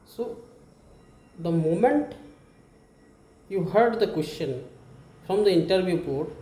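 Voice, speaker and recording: A man's voice: a little high, mellow, reverberant, slight background noise. A man with an Indian English accent gives informal advice on job interviews, repeating points, often saying "okay" and restarting his sentences. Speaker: career coach.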